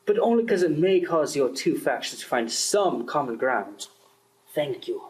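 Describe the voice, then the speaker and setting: Casting: young male student, amateur drama, voices multiple parts, slightly high voice. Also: very animated, measured pace, darkish tone, poor audio. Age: young adult. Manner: plays several parts, shifting pitch between characters. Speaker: student performing a class drama. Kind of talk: amateur radio-play acting.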